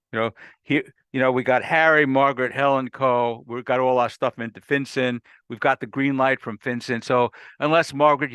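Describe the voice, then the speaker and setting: A man's voice: medium pitch, a bit bright, no echo, clean studio sound. A man, a lawyer, explaining a legal topic in an emphatic, folksy, repetitive way on a livestream. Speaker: lawyer and guest expert.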